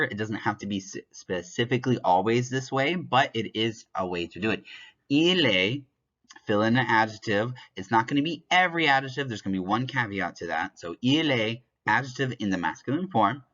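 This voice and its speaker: A man's voice: medium pitch, animated, normal speed, fairly bright tone. A man teaching a recorded lesson, explaining step by step and adding offhand jokes. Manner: explains step by step, switching between French examples and English glosses; offhand asides and small jokes. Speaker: French teacher. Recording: dull lo-fi recording.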